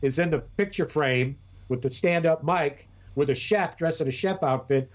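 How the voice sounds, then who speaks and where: A man's voice: fairly high pitch, normal speed, dull audio. A man co-hosting a podcast in casual chat, rambling and profane with many restarts. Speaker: podcast co-host.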